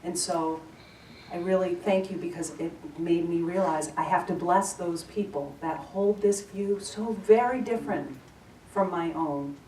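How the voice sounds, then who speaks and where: A woman's voice: fairly low pitch, measured pace, warm tone. Woman leading a gathering, sharing a story, heartfelt, recorded far off with faint hiss. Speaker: service leader giving announcements. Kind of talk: personal sharing at a spiritual gathering. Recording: echoey room, from far off, faint noise.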